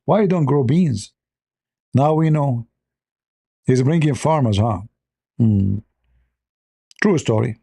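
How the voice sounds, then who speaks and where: A man's voice: medium pitch, lively intonation, takes it slowly, creaky, long pauses, mellow. Sarcastic man ranting on a show. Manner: sarcastic, blunt, broken grammar. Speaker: host. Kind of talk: mocking live commentary.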